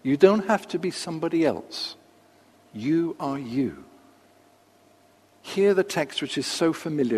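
An older man preaching a sermon, measured and unhurried, with pauses and asides. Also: mid-range voice, big pitch swings, a little mellow, breathy edge. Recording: long reverb of a large hall.

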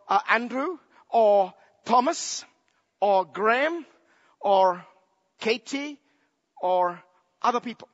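A man preaching a sermon, speaking slowly and emphatically and asking rhetorical questions. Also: very high voice, a bit bright. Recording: dull lo-fi sound in a reverberant hall.

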